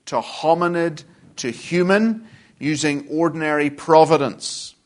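A middle-aged guest lecturer from Northern Ireland, with a Northern Irish accent, gives a church lecture in a measured manner laced with dry, self-deprecating humor. His voice is a little high.

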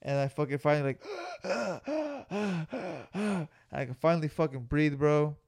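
A man's voice: on the high side, flat delivery, fast talker, darkish tone, smooth. A young man co-hosting a podcast, telling a story in a laid-back, slangy way with heavy swearing. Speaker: podcast co-host. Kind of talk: casual storytelling chat.

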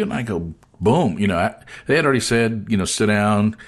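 Man, low voice, podcast host, casual storytelling, acts out dialogue. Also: moderate pace. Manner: animated storyteller acting out dialogue.

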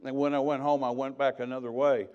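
A man's voice: mid-range voice, flat delivery, fast talker, a little mellow, clean tone, muffled recording. Older man telling his testimony. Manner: conversational storytelling, acting out quoted dialogue. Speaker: preacher. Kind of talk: sermon testimony.

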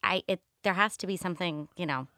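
A woman's voice: fairly low pitch, quick pace, bright, forceful tone, dry recording, clean studio sound. A woman hosting a podcast, asking curious, chatty questions in a casual interview. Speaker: podcast host.

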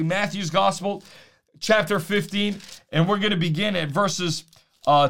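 A man preaching a sermon, emphatic, slowing down to repeat key lines. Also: high voice, a bit bright.

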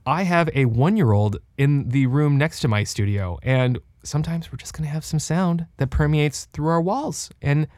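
A young adult man co-hosting a casual podcast from his home studio, animated and joking, swearing freely. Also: fairly high pitch, moderate pace, hardly any pauses, dry recording. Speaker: podcast co-host.

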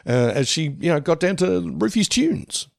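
Easygoing male co-host, gravelly, very dry mic, jokey. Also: fairly high pitch, big pitch swings, moderate pace, darkish tone, no room sound. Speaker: podcast co-host. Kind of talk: casual chat.

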